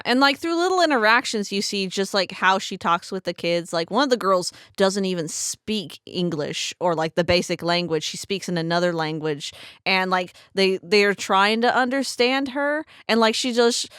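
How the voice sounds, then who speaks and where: Smooth-voiced animated woman podcast host. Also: medium pitch, no echo, studio quality. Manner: animated storyteller, acts out quotes. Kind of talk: casual chat.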